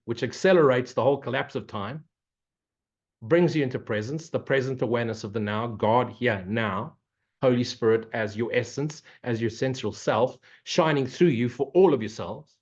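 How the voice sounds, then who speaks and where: A man's voice: medium pitch, normal speed, breathy edge, dull audio. A man teaching spiritual ideas in a Q&A talk, blunt and mocking, swearing freely and repeating his points like a preacher. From Africa. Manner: repetitive, preachy. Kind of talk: non-dual Q&A talk.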